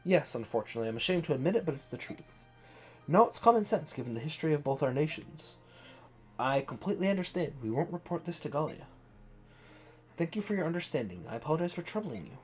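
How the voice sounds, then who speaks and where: A man's voice: a little high, sing-song, a little mellow, soft background music. Man voicing a poised noblewoman knight. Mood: earnest. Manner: polite, measured. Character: composed noble woman knight-spy.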